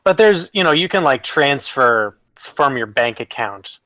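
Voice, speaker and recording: A man's voice: medium pitch, lively intonation, measured pace, sharp tone, no echo. Casual man running a tabletop game. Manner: casual, rambling, many fillers. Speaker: game master.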